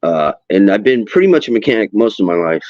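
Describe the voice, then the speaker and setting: A middle-aged man hosting a casual chat while fishing, an animated storyteller who swears freely and acts out the people in his stories. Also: on the low side, fast, dry recording. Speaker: host. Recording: dull lo-fi sound.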